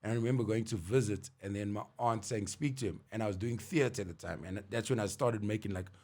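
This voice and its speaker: A man co-hosting a podcast in casual chat, telling personal stories in a lively way and laughing often. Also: lowish voice, fast talker. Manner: animated storyteller, laughs often. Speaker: podcast co-host.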